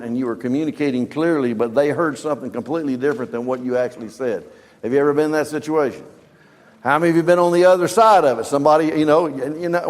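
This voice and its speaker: Fairly high-voiced man preaching in a reverberant church. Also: a little mellow. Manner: reads scripture aloud with dramatic emphasis, asks the congregation questions. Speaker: pastor. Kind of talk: sermon. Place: church sanctuary.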